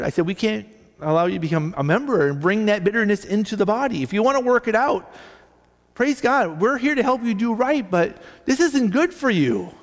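A male pastor preaching a sermon, animated as he tells stories and acts out both sides of conversations. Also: high voice, big-room sound. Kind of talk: sermon with storytelling.

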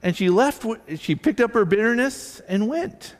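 High-voiced male pastor preaching in a reverberant hall. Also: moderate pace. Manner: animated storytelling, acting out both sides of conversations. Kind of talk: sermon with storytelling.

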